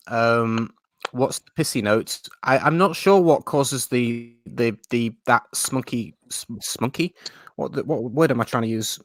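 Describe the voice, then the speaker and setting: A man's voice: medium pitch, slow, no echo. A man hosting a live stream chat, talking in a chatty, self-mocking way and laughing often. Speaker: host.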